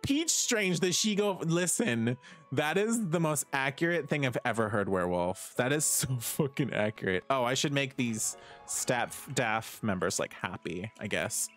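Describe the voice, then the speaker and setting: A man's voice: medium pitch, lively intonation, unhurried, a bit bright. A man streaming live, chatting casually with viewers as he plays, self-mocking and swearing freely. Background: faint game music.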